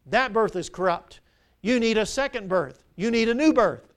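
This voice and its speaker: An older male pastor with a high voice delivers a sermon. He poses questions to the congregation and waits for the reply. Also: lively intonation, normal speed. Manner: preaching with call-and-response questions to the congregation. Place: church sanctuary.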